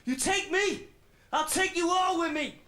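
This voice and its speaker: A brash young Welsh comic. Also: male voice, very high-pitched, a little slow, pushed and bright, full character voice. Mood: defiant. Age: 20s. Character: edgy young male stand-up comic, defiant. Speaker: comedian performing a routine. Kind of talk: radio drama acting.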